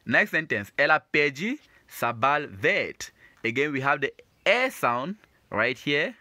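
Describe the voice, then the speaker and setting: Bright-voiced man teaching French phrases. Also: a little high, sing-song, a little slow, no room sound. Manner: patient, repeats and explains each phrase. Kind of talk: explaining a lesson to learners.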